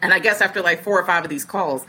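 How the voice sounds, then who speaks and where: Woman, 40s, podcast guest; low voice, bright edge, animated storyteller. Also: quick pace, slight background noise, rough recording. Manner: lively storyteller who acts out other people's words. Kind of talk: casual storytelling.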